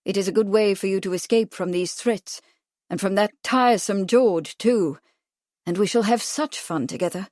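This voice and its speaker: A woman voicing an agitated, pompous young gentleman who talks in an insistent, commanding way. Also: mid-range voice, moderate pace, no room sound, clean studio sound, lightly acted. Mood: persuasive.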